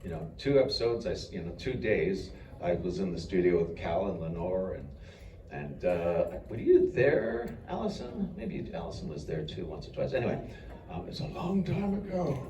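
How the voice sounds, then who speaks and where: A man's voice: low voice, huge pitch swings, normal speed, dark tone. A man on a convention panel telling rambling, self-deprecating stories about his voice work, often chuckling as he talks. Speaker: voice actor panelist. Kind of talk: anecdotal panel talk. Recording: echoey hall recorded from far off with noise.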